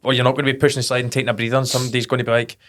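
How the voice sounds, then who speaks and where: A Scottish man in casual conversation, talking quickly and with enthusiasm. He uses plenty of local slang, and his voice sits at a middle pitch. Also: level tone, a bit bright. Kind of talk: casual chat.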